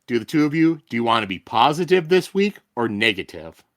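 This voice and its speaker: A man's voice: mid-range voice, big pitch swings, fairly quick, fairly bright tone. A man hosting a podcast, teasing his co-hosts in casual chat. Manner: teasing, playful. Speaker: podcast host.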